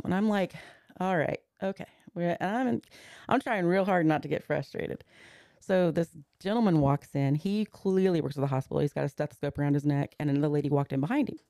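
A podcast guest in her forties recounts a personal story in earnest, taking it one step at a time and acting out what others said. She has a deep voice, warm and dark with some gravel in it. The sound is close and dry, with no room ambience.

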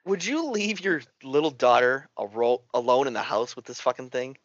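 A man chatting casually about a movie, swearing often and reacting with animated disbelief. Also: medium pitch, normal speed, dull audio.

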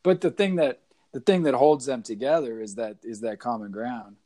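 A man's voice: mid-range voice, normal speed, dark tone. A man hosting a casual interview, reflecting thoughtfully and often affirming his guest. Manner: reflective, agreeable, many short affirmations. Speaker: host.

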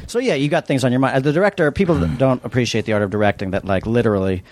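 A man's voice: mid-range voice, racing. A man co-hosting a casual podcast, asking rambling, joking questions. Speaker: podcast co-host.

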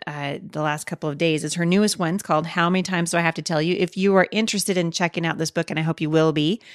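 A woman's voice: lowish voice, dry recording. A middle-aged woman hosting a podcast in a studio, chatting casually with fillers and frequent laughs. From Oregon. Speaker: podcast host. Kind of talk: casual chat. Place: recording studio.

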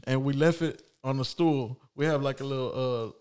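A man's voice: mid-range voice, moderate pace, a little mellow, clean tone. A man hosting a casual podcast, telling a long prank story with slang, swearing and frequent laughs. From Houston, Texas. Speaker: podcast host.

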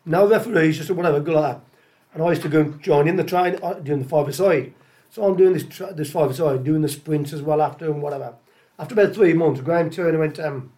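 A man's voice: on the high side, fast talker. A middle-aged man, a former footballer guest telling chatty stories full of acted-out dialogue. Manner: chatty, animated anecdotes with acted-out dialogue and laughter. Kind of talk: casual storytelling.

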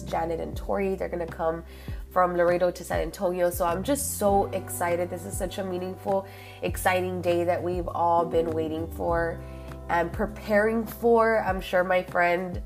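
A young woman hosting a podcast, chatty and gushing, slipping Spanish phrases into her English. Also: fairly low pitch. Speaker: podcast host. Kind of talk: casual chat.

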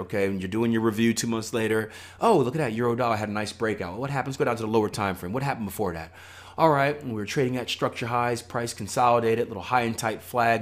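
Animated male trading-podcast host. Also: medium pitch. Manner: animated, motivational, acts out quoted voices. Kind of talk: solo podcast monologue.

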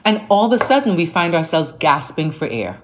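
A middle-aged woman guest in casual chat, telling animated stories and acting out the voices she quotes. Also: on the low side, brisk.

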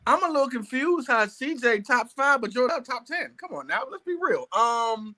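A man's voice: very high-pitched, sing-song, normal speed, bright, forceful tone. A man on a sports debate panel, talking in a playful, jokey way with mock emotion.

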